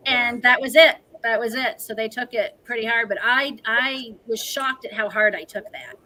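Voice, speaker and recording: A woman's voice: fairly high pitch, normal speed, sharp tone, rough recording. A woman in her forties, a livestream guest, telling a personal story in an earnest, emotional, talkative way.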